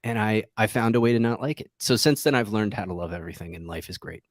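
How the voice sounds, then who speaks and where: Rambling, self-mocking trading show host. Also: male voice, fairly low pitch, steady tone, fast talker, no room sound. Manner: rambling, joking at himself, laughs often. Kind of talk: casual livestream chat. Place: office.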